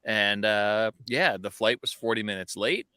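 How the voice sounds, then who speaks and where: A man's voice: lowish voice, a little slow, pushed and bright, clean tone, no room sound, studio quality. A man co-hosting a podcast from an outdoor rooftop deck, chatting casually with self-mocking jokes over a video call. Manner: jokey, self-mocking banter. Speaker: podcast co-host. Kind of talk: casual chat.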